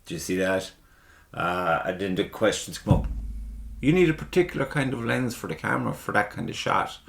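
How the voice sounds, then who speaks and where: Low-voiced man, swearing freely. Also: a little fast, gravelly, noisy background. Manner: animated, swears freely, talks over the guest. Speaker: podcast host. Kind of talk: casual chat.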